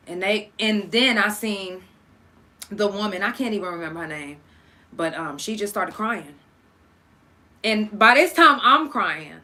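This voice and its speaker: A young woman hosting a podcast, telling a personal story in casual, profane, animated talk and acting out the people she quotes. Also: medium pitch, a little slow, pauses often.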